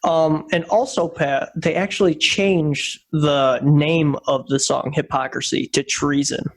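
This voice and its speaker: A man co-hosts a laid-back podcast, spinning a meandering, foul-mouthed story and circling back to the same points often. He's from Upstate New York, with a slightly high voice, fairly level intonation, and an unhurried, measured pace.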